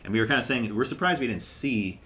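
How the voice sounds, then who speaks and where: A young man and podcast co-host telling a story casually, animated and often laughing. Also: mid-range voice, quick pace, a little hiss or hum.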